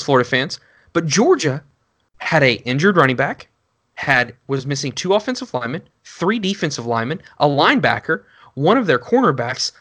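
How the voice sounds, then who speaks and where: A man co-hosting a sports podcast, chatting casually. He rambles and trips over his own words, then gets heated and animated as he makes his point. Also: fairly high pitch, normal speed, husky. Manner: rambling, many restarts, animated rants. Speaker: podcast co-host.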